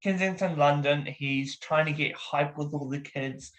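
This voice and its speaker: Young New Zealand-accented comedian, easygoing interview guest on a video call. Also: male voice, fairly high pitch, a little slow, fairly bright tone, slight background noise, rough recording. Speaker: comedian and voice impersonator. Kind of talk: casual interview talk.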